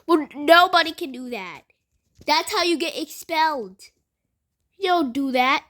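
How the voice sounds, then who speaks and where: A woman's voice: high voice, animated, a little slow, fairly bright tone, voice pushed up. A woman voicing a stern male school principal who lectures a student. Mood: scolding. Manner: scolding, lecturing.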